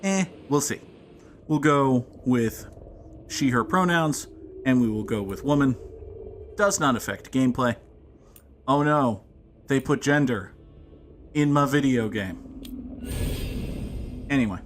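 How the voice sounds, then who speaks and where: Laughing man commenting on gameplay. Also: mid-range voice. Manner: joking, laughs often, wry asides. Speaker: let's play host.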